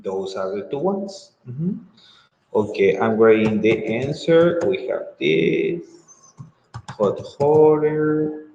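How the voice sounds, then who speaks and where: A man teaching English grammar in an online lesson, speaking slowly and drawing words out, with frequent mm-hmms. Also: on the low side, sing-song, vocal fry, darkish tone, dull audio, slight background noise. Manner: slow, drawn-out, with frequent mm-hmms. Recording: echoey room with long reverb.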